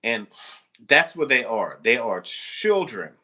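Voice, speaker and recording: A man's voice: medium pitch, very animated, takes it slowly, pushed and bright. A man who works as a substitute teacher, telling a rambling, exasperated and joking story with mild cursing. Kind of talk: casual storytelling to camera.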